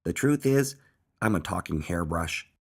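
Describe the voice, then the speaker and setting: A man's voice: deep voice, expressive, measured pace, full character voice. A man voicing a playful male hedgehog who pretends to be a pirate captain, talking in a bold, theatrical way. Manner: bold, theatrical, bellowing orders.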